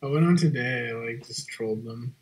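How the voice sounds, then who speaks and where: A man's voice: medium pitch, fairly quick, poor audio. Laid-back man rambling on a call. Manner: laid-back, lots of likes and trailing off. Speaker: guest. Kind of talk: casual online hangout chat. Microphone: video call.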